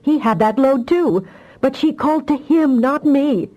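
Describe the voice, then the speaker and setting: A fretful, fiery mother from a science-fantasy audiobook, pleading in a raised, strained voice. A woman narrator acts her out with a dark, mellow timbre. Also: high voice, a little slow, muffled recording, pitched above the performer's own voice. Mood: distraught. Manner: distressed, pleading, emotional. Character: anxious, fiery telepathic mother, adult woman.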